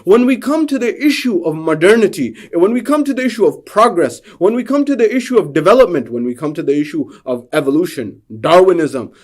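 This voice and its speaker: Male religious lecturer, slightly high voice, dramatic storyteller, stacks rhetorical questions. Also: lively intonation, fairly quick, few pauses.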